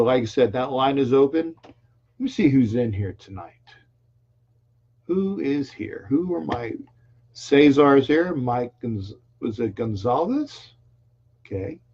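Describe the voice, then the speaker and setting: A man's voice: mid-range voice, darkish tone, slightly rough. An older man hosting a casual call-in sports talk show, chatty and rambling, often restarting his sentences. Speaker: radio call-in show host. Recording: dull lo-fi stream audio.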